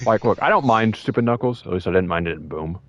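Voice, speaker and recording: A man chatting casually as a fan, animated and full of restarts. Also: lowish voice, fast talker, a little hiss or hum. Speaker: fan discussing a movie trailer. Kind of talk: casual chat. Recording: dull lo-fi dry sound.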